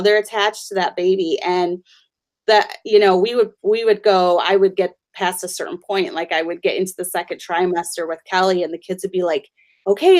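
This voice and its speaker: A woman hosting a conversation, chatty and storytelling, often laughing between anecdotes. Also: lowish voice. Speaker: host.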